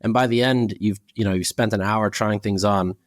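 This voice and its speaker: A man co-hosting a podcast in casual chat, telling relaxed stories and acting out quoted exchanges. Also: lowish voice, normal speed. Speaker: podcast co-host.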